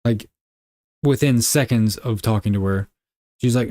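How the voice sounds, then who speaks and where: A man's voice: fairly low pitch, measured pace, warm tone, no echo. A young man streaming a game live, reading the dialogue aloud and cracking crude jokes. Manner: joking, crude asides.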